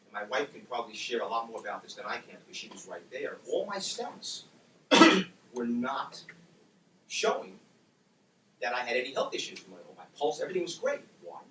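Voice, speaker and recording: A man in his forties with a medium-pitched voice speaks at a moderate pace, telling an audience a personal story. He's animated, acting out his own words and the voices of others, in a roomy, distant recording with background noise.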